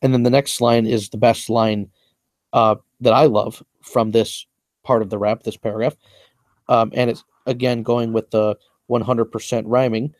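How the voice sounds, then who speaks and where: A man's voice: mid-range voice, flat delivery, normal speed, a little mellow, no echo. Boastful man explaining his own raps. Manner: boastful, repetitive, explains at length. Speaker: rapper breaking down his own lyrics. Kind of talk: casual lyric breakdown monologue.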